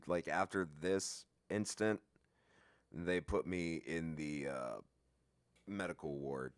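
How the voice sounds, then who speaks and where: Deep-voiced man telling a profane story. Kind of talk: casual storytime monologue.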